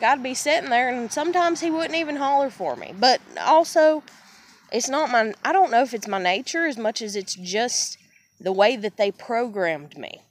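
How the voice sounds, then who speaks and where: Candid rambling woman, swears freely. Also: on the high side. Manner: candid, swears often, says "you know" a lot; rambling, restarts sentences. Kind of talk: casual personal monologue.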